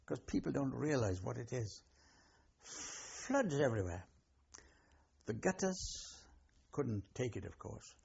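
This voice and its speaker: An older man with a Welsh accent, a war veteran recalling his past in an oral history interview, telling it in a rambling, halting way with many restarts. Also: mid-range voice, sing-song, gravelly, a little mellow, breathy edge, highs cut off.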